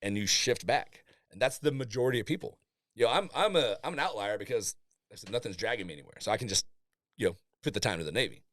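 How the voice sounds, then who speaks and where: Man in his forties, low voice, blunt and profane, laughs a lot, dry close mic. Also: lively intonation, fast, a bit bright, no echo. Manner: candid storytelling, swears freely, laughs often. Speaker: Navy master chief guest. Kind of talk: casual podcast chat.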